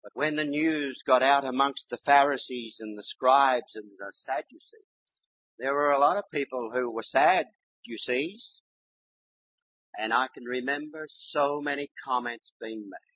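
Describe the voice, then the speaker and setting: An older man preacher delivering a sermon, swinging from loud exhortation to quiet, low storytelling. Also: a little slow. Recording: dull lo-fi sermon recording.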